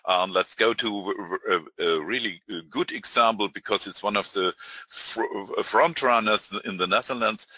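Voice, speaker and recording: A man moderating a panel discussion, measured and hesitant, with frequent fillers. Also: fairly low pitch, bright, forceful tone, breathy edge, dry recording, low-quality recording.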